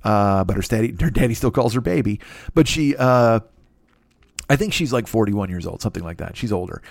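Fast-talking man in a crude comic rant. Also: lowish voice, animated, creaky, darkish tone, no echo, clean studio sound. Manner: rambling, profane, jumps into mocking voices. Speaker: podcast host. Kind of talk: crude comedic monologue.

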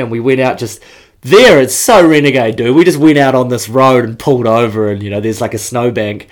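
A man chats casually, laid-back and quick to laugh, swearing freely as he tells stories. His voice sits at an ordinary middle pitch. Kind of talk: casual podcast chat.

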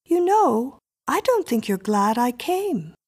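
A woman voicing an eerie, composed little girl who speaks in a prim, flat, insistent way in a storybook reading. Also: high-pitched, slow, slightly rough, pitched above the performer's own voice, full character voice. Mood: cool.

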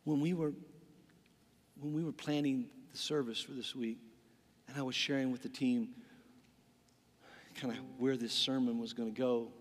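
A man's voice: medium pitch, creaky, in a large hall. A man preaching a sermon as pastor, telling a story with dramatic delivery and acting out the voices in it.

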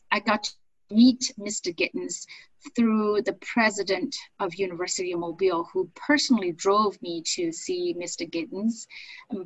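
Chatty Chinese-born woman, husky voice. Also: medium pitch, no room sound, low-quality recording. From China. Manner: chatty, animated storyteller. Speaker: business owner and accent coach. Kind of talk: interview storytelling.

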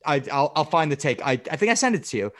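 A man's voice: a little high, fast. Opinionated young man on a podcast. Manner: opinionated, animated when arguing, swears. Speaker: podcast co-host. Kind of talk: casual debate chat.

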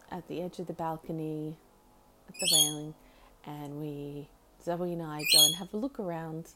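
In a very noisy recording, a woman hosts a casual solo podcast from her home. She rambles haltingly with restarts and coos to her pet bird in a sweet, high tone.

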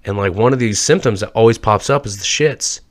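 A man's voice: fairly low pitch, brisk. A man co-hosting a crude podcast, telling stories casually with heavy swearing and putting on voices for the people he quotes. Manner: profane, storytelling, mimics others in quotes. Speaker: podcast co-host.

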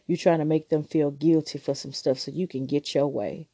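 Husky, warm-voiced woman giving frank advice. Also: low voice, steady tone, moderate pace, no room sound. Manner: frank, teasing, emphatic. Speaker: relationship advice podcast host. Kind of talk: casual advice monologue.

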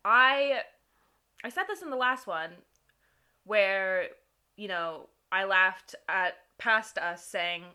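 A woman's voice: medium pitch, animated, slow, bright, forceful tone, clear, resonant tone. A woman co-hosting a podcast in casual chat, giggly and rambling, poking fun at herself while sharing one microphone. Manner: giggly, rambling and self-deprecating. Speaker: podcast co-host.

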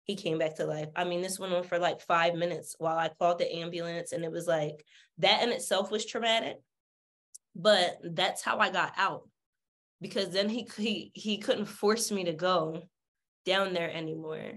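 A woman with a lowish voice and moderate pace guests on a podcast, telling her story frankly. Sassy and animated, she curses freely and acts out the people she's quoting.

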